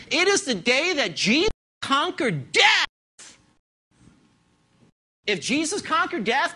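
A middle-aged pastor with a bright, ringing voice delivers a sermon from the pulpit. The preaching is animated and full of rhetorical questions. Loud declarations give way to hushed asides. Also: sits high.

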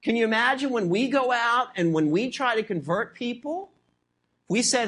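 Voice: mid-range voice, very animated, moderate pace, a bit bright, breathy edge. A pastor preaching a sermon emphatically, repeating key phrases and asking the congregation rhetorical questions.

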